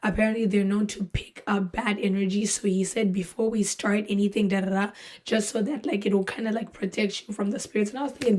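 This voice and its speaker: A woman's voice: mid-range voice, fairly quick. A woman hosting a podcast, telling a story in a casual, jokey way, acting out what people said and filling with lots of "like". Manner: animated, jokey, full of fillers and voiced-out quotes. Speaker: podcast host.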